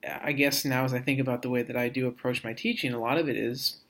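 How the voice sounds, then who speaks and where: A man's voice: medium pitch, steady tone, a bit bright. A man giving a recorded course lecture as an instructor. He speaks reflectively, restarts often and repeats words as he works out his thoughts. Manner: reflective, halting, frequent restarts and repetitions.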